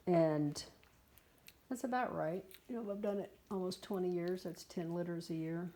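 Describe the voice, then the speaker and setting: Blunt, chatty woman in her fifties with a low voice. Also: expressive, measured pace, warm tone. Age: 50s. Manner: chatty, blunt, exasperated asides. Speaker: dog breeder. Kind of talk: casual vlog chat. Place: dog kennel.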